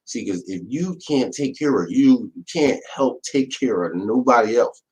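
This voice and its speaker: A man in casual chat, laid-back and halting, repeating words. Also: medium pitch, animated, a little mellow, rough recording.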